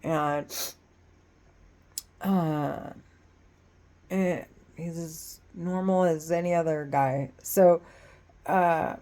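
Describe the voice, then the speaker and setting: Rambling, swearing woman, lowish voice. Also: fairly even intonation, extremely slow, long pauses, dark tone. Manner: rambling, profane, restarts often. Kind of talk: casual rambling monologue.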